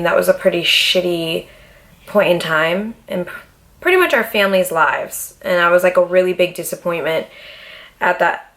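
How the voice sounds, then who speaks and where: A young adult woman vlogger telling a personal story in a casual, blunt, profane way, full of fillers. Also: fairly low pitch.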